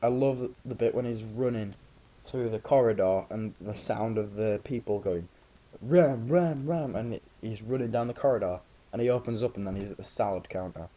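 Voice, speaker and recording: A man's voice: on the low side, steady tone, fairly quick, mellow. A man chatting casually about films, rambling through anecdotes.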